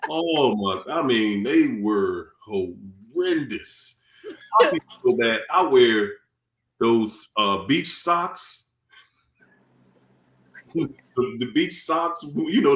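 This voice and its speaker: A man's voice: mid-range voice, echoey room. A man from Washington DC hosting a live stream, greeting viewers in a playful, joking way and laughing often. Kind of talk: casual chat greeting viewers.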